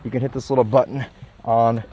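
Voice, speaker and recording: A man's voice: mid-range voice, level tone, brisk, warm tone. A young man from Michigan giving casual, enthusiastic car walkaround commentary with chatty, self-deprecating asides. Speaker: car reviewer.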